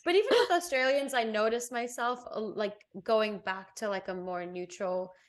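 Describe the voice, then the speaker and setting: A woman's voice: medium pitch, normal speed. A woman in her thirties who grew up in England and Botswana, speaking with an American accent touched by British, chatting animatedly as a podcast co-host. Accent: American, with some British. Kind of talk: casual interview chat.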